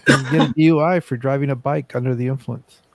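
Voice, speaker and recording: A man's voice: mid-range voice, steady tone, quick pace. A man hosting a casual livestream chat, joking and teasing his friends. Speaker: livestream host.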